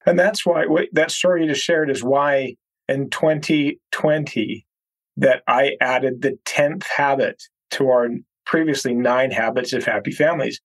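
Guy hosting a podcast, kinda husky voice, wrapping up the episode. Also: medium pitch, rough recording. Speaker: podcast host. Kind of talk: podcast interview host.

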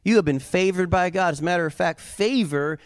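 A man preaching a sermon as a pastor, building to loud emphatic peaks and dropping into relaxed, joking asides to the congregation. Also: high-pitched, a little fast, clean tone, dry recording, studio quality. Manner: conversational asides with humor.

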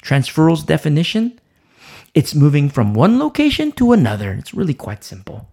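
Gravelly, husky preacher man, lively pitch. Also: brisk. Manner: emphatic, repetitive rhetorical questions, swings from loud to hushed. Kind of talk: sermon.

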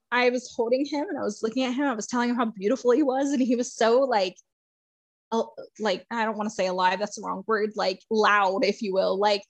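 Woman, podcast guest, casual storyteller, slightly high voice, dry close sound, emotional and laugh-prone. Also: dry recording. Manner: chatty, many "like" fillers, laughs often; emotional, swings between excited and hushed.

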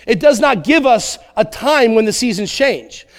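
Male pastor, thirties, high voice, animated sermon delivery with acted-out asides. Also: normal speed.

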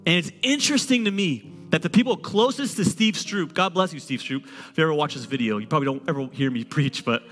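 A man preaching a sermon to a congregation in a lively, conversational way, using humor and repetition. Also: on the high side, big-room sound. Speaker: pastor.

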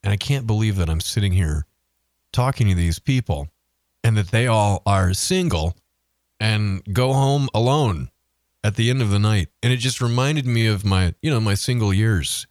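A man's voice: fairly low pitch, normal speed, darkish tone, dry recording, studio quality. A man co-hosting a podcast in casual chat, ranting and swearing freely. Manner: profane, ranting. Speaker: podcast co-host.

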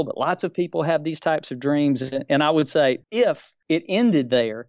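A man's voice: mid-range voice, moderate pace, few pauses, a little mellow, no echo, dull audio. A man in his fifties telling a personal religious experience as a debate guest, earnest and groping for words. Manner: earnest, searching for words, repeats key phrases.

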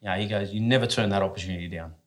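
A lower-voiced Australian man in his forties, formerly a professional athlete, talks very fast while telling stories on a podcast as a guest. His style is blunt and casual, with ready swearing and many stop-and-restart sentences.

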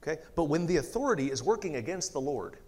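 A man teaches through a Bible passage in a relaxed, conversational way. His voice sits high for a man. He reads the verses aloud and keeps stopping for friendly asides and questions to his listeners. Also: quick pace. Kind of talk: casual Bible study teaching.

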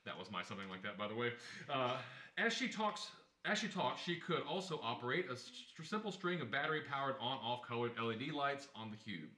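Lively man reading stage directions. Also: mid-range voice, fairly quick, roomy sound. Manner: chatty, jokey asides. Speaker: organizer and stage-direction reader. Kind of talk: play reading narration.

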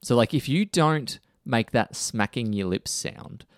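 A man's voice: mid-range voice, expressive, a little slow, dry recording, studio quality. A man co-hosting a podcast in a jokey, rambling casual chat, with the microphone right at his lips. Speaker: podcast co-host.

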